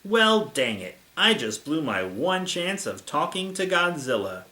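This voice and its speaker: A man's voice: fairly high pitch, very animated, measured pace, sharp tone, reverberant, pitched above the performer's own voice, full character voice. A man reading the first-person narration of a naive young female giant moth, in a storybook manner.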